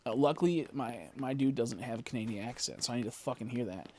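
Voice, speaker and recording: A male streamer in relaxed, rambling chat, his voice sitting in an ordinary middle range. A faint hiss and the click of keys sit under his talk at the desk mic. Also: mid-range voice, fast. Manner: rambling, joking, heavy filler words. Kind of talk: casual live-stream chat.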